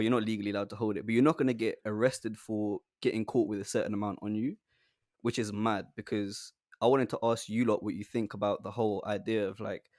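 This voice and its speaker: Laid-back slangy podcast co-host. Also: male voice, lowish voice, a little mellow, dry recording, clean studio sound. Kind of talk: casual chat.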